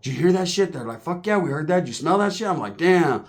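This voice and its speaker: Spinning a long, crude yarn at a quick pace, an ex-prisoner from California keeps things animated and profane in his storytelling monologue. He acts out the voices of the people he describes, and his voice runs a little higher than most men's.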